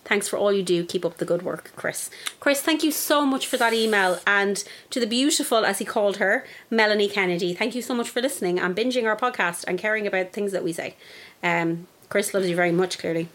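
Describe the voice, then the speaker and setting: A woman's voice: medium pitch, brisk, a bit bright. A young woman co-hosting a podcast in casual chat, blunt and sweary, reading listener emails aloud. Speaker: podcast co-host.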